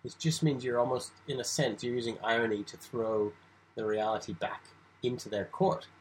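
A man's voice: medium pitch, fairly even intonation, moderate pace, slight background noise, rough recording. A man giving an informal Bible lecture, talking conversationally with restarts and asides. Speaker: Bible teacher.

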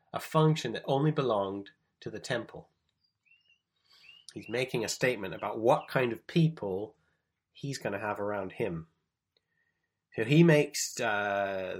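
A man's voice: on the low side, breathy edge. A man teaching from the Gospels, explaining the text and reading passages aloud with emphasis. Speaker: preacher. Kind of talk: bible teaching talk.

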